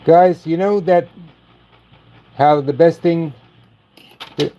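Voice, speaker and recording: A man hosting a casual livestream, joking in a dry, deadpan way and saying he is losing his voice. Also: fairly high pitch, slow, rough recording. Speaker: livestream host.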